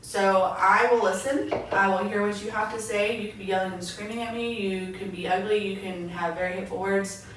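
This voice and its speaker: A woman's voice: mid-range voice, a little fast. A young adult woman co-hosting a podcast, telling stories in casual chat and acting out her own past words. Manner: animated storyteller, quotes herself. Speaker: podcast co-host. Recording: echoey room, mic far off, faint noise.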